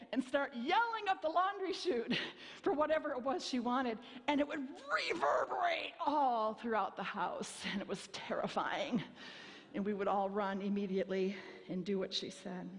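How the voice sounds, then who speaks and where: A woman pastor in her fifties preaching a sermon, telling stories in a wry, self-mocking way and acting out voices. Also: high-pitched. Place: church sanctuary. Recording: long hall reverb.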